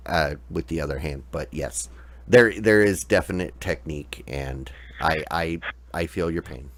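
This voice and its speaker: A man's voice: a bass voice, measured pace. A man co-hosting a casual tech podcast, joking and stammering through restarts. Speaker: podcast co-host.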